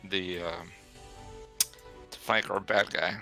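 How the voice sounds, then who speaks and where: Bright, gravelly-voiced jokey man. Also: deep voice, fairly even intonation, takes it slowly, faint music behind. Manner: jokey, playful, laughs often. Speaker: player. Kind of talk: casual tabletop game play.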